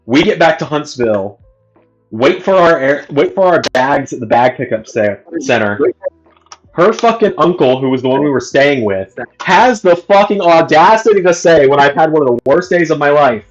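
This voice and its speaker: A man's voice: on the high side, lively intonation, moderate pace. Man, livestream host, exasperated, swearing a lot, muffled audio, faint music behind. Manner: exasperated, profane ranting. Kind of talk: casual storytelling on a livestream.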